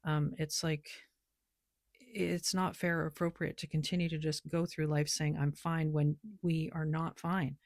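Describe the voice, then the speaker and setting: A woman's voice: low voice, level tone, measured pace, dry recording, studio quality. A woman who reads tarot and oracle cards, talking loosely and rambling with lots of filler words in a casual spiritual vlog. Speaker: tarot and oracle card reader.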